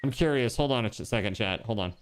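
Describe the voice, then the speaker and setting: A man streaming a game live, chatting casually with his viewers and thinking out loud. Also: on the low side, lively intonation, quick pace, smooth. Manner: chatty, talks to chat, trails off and restarts. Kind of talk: casual live-stream chat while gaming.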